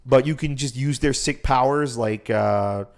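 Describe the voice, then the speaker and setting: A young man with a medium-pitched voice co-hosts a podcast, speaking at a measured pace in casual chat. He retells a game's story in a rambling, profane, casual way.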